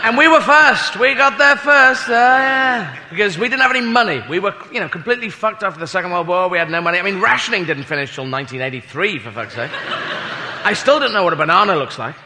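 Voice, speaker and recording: A man's voice: high voice, animated, fast, in a large hall, background noise. A man doing rambling stand-up storytelling, self-interrupting and mock-pompous. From Britain. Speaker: stand-up comedian.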